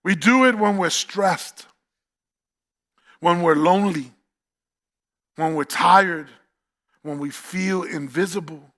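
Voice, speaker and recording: A man's voice: high-pitched, slow pace, pauses often, a bit bright. A man with a New York accent preaching a sermon as pastor, emphatic, repeating key phrases and asking the congregation questions.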